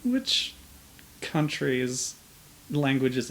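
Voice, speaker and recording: A man's voice: mid-range voice, slow pace, a little hiss or hum, low-quality recording. A man co-hosting a podcast, making dry, chatty observations in casual watch-along commentary. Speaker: podcast co-host.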